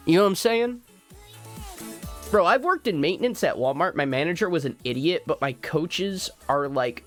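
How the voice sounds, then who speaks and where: A man streaming live, telling a story in a profane, animated and rambling way with lots of fillers. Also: high-pitched, moderate pace, faint music behind. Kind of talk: casual storytelling rant.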